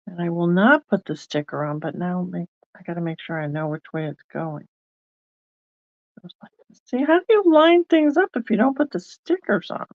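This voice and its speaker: A woman's voice: lowish voice, lively intonation, normal speed, no echo, dull audio. A woman hosting a card-making video, chatting casually and thinking aloud as she works. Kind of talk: casual crafting demonstration.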